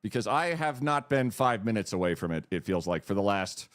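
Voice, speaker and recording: A man hosting a live stream, chatting casually and rambling excitedly as he greets and thanks viewers. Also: lowish voice, brisk. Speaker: streamer host.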